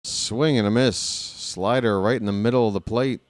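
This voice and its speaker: A man's voice: fairly low pitch, moderate pace, no room sound, clean studio sound. A man calling a baseball game live as a fan play-by-play host, rooting openly for his team in a chatty way. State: hiccups.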